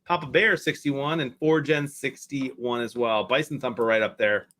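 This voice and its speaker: A man's voice: medium pitch, fairly even intonation, moderate pace, fairly bright tone. A man co-hosting a casual live sports stream, easygoing and laughing as he reads things out. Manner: easygoing, laughs while reading aloud.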